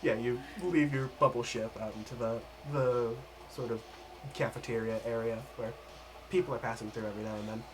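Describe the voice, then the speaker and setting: A man's voice: mid-range voice, steady tone, rough recording. Casual man running a tabletop game. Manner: casual, laughing, quick asides. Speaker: game master.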